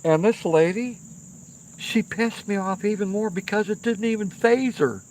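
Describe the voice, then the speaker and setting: Sitting by a fire pit outside at night, a middle-aged livestream host rambles through a profane story and keeps asking "okay?" His voice is high and a little mellow, at a moderate pace. A faint hiss or hum runs under the casual storytelling.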